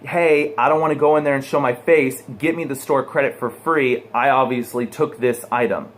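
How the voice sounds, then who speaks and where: A man's voice: medium pitch, fairly even intonation, normal speed, close to an everyday voice. A man voicing a pushy, indignant scammer. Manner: pushy, aggrieved.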